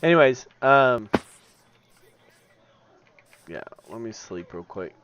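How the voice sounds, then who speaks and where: A sleepy, yawning man streaming a game, mostly mumbling quietly to himself as he plays, with sudden loud laughing bursts. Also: medium pitch, sing-song, slow pace. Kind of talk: casual gameplay commentary. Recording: dull lo-fi stream audio, faint noise.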